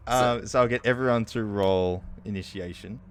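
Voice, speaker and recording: A low-pitched man running a tabletop game as its game master. He narrates with a hesitant, apologetic manner, trailing off into fillers. There is a faint hiss behind him. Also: moderate pace.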